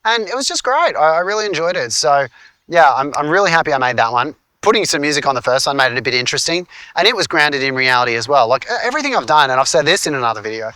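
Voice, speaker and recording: A forty-something Australian man talks through his filmmaking in a loose, rambling vlog, full of fillers and restarts. His voice is bright and forceful and his delivery quick. The recording is dry and close, with no room sound. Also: a little high, big pitch swings, no echo. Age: 40s. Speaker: filmmaker and teacher. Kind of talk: casual vlog talk.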